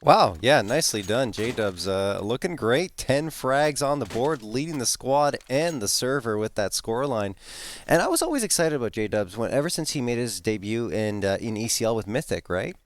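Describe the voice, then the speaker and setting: A man doing live color commentary at an esports tournament, lively and analytical about players' histories. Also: medium pitch, normal speed. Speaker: esports caster. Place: live tournament broadcast desk.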